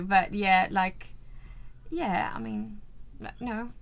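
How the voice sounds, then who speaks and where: A woman's voice: medium pitch, fairly even intonation, slow, gravelly. A woman with a European accent, an actress chatting as a guest in an interview, gushing and full of "like" and "you know". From Sweden. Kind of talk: casual interview chat.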